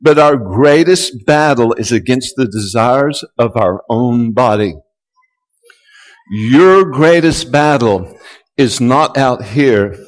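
A man's voice: medium pitch, animated, takes it slowly. Man preaching in a reverberant hall. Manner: rises to loud call-and-response, draws out key words. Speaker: pastor. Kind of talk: sermon.

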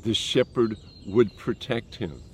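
A man preaching a sermon in a slow, earnest way, dropping soft and low and then rising for emphasis. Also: lively intonation, breathy edge.

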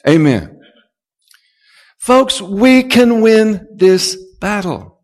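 A male pastor preaching a sermon, who builds to loud call-and-response and draws out key words. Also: mid-range voice, expressive, unhurried. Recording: long hall reverb.

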